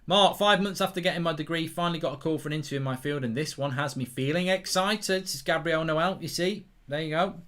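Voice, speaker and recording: A man hosting a live football watchalong, chatting casually and answering viewer questions in a lively way and swearing freely. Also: fairly high pitch, quick pace, hardly any pauses. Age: older than 23. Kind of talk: casual chat.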